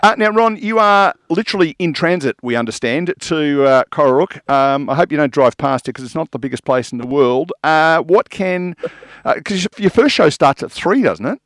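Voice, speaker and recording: A man with an Australian accent, co-hosting a radio chat with deadpan teasing humour. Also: fairly high pitch, normal speed, no echo, clean studio sound. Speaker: radio co-host.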